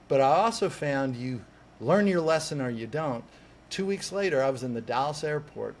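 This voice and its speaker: A man, a coach and podcast guest, telling a personal story in an animated way, acting out what people said and restarting words as he goes. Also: mid-range voice, a little hiss or hum. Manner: lively, acts out quoted voices, restarts words.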